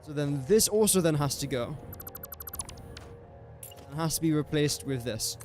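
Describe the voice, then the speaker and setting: A man's voice: fairly high pitch, animated, measured pace, a little mellow, soft background music. Chatty English man streaming a game. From England. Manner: rambling, thinks aloud, chats to viewers. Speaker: gaming streamer. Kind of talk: casual live-stream commentary.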